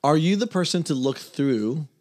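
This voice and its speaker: A man's voice: fairly high pitch, expressive, normal speed, a little mellow. Guy hosting a chill podcast, bouncy voice all over the place, rambly and teasing. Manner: rambling, teasing, restarts mid-word. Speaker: podcast host. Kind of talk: casual podcast chat.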